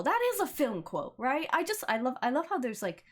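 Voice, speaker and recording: A woman streaming a game, reacting with excited, rambling commentary. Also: high-pitched, fairly quick. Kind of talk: let's-play reaction commentary.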